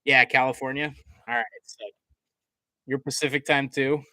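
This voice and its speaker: A man's voice: medium pitch, flat delivery, normal speed, pushed and bright, no echo, rough recording. A young man doing live play-by-play commentary on a stream, chatting casually with viewers between plays. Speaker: livestream commentator.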